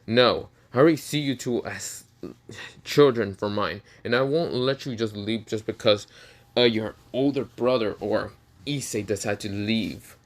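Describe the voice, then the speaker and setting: A man's voice: fairly low pitch, a little slow, natural voice. A man as a stern fallen-angel guardian. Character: stern protective fallen-angel father figure.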